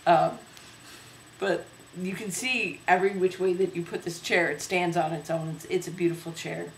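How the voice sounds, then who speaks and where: A woman hosting a casual home video show about thrift finds, talking chattily with many pauses and fillers. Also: fairly low pitch, steady tone, roomy sound, a little hiss or hum, poor audio. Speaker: host. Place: home room.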